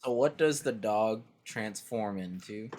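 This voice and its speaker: Guy with a lowish voice reading out spell rules in a tabletop game. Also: measured pace, background noise. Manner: explains spell rules and dice rolls. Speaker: player. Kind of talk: casual tabletop game play.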